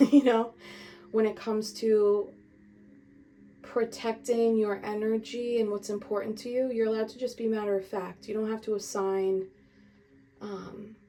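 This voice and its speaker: A young woman talks through a tarot reading straight to her viewers. She is chatty and meandering, and she leans on her points with emphasis. Her voice sits at an ordinary middle pitch. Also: mellow, slight background noise. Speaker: tarot reader. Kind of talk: casual spiritual tarot reading.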